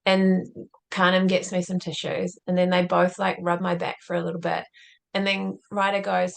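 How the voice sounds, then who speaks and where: A woman's voice: lowish voice, completely flat delivery, normal speed, vocal fry. A woman as a podcast guest, telling a personal story in an earnest, reflective way and often saying "like". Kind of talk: conversational interview storytelling.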